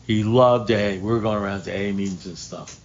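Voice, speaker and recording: Older man telling a lively recovery story. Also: lowish voice, quick pace, lo-fi sound, a little hiss or hum. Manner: animated storyteller, acts out phone calls, swears, laughs at his own punchlines. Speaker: AA speaker. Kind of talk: storytelling share at a recovery meeting. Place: meeting room.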